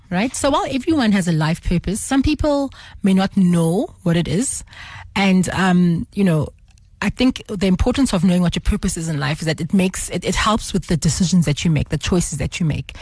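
A woman's voice: lowish voice, darkish tone, husky, no echo. A woman hosting a radio talk show who is losing her voice, chatting with plenty of fillers. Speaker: radio talk show host, medical doctor. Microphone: studio microphone.

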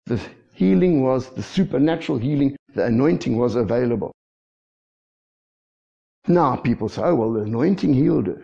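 A man preaching a lively sermon as pastor, often checking in with the congregation. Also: a little high, normal speed, gravelly. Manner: lively preaching with frequent call-and-response asides. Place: church. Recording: dull lo-fi church recording.

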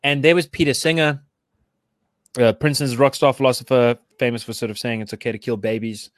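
A man's voice: mid-range voice, steady tone, fairly quick, no echo. A man co-hosting a casual chat, rambling and hesitant with lots of restarts. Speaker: podcast co-host.

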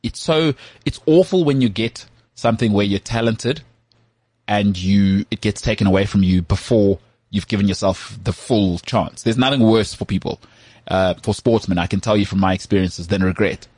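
Husky-voiced man chatting about football. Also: lowish voice, no room sound, studio quality. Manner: animated, jokey, does quick impressions of others. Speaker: podcast co-host. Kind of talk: casual sports chat.

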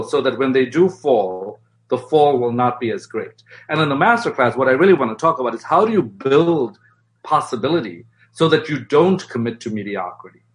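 A man talking as an interview guest, lively and animated, often acting out quoted voices as he explains. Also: mid-range voice. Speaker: guest expert. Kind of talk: interview conversation.

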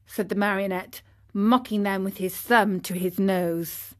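A woman narrating a children's story in a gentle, measured storytelling manner. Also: mid-range voice, steady tone, no room sound, clean studio sound.

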